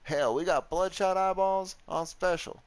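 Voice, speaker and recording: Man doing a high, loud, drawling male huckster; pushy pitchman. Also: unhurried, clean tone. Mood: hawking. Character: pushy twangy male huckster hawking grim wares.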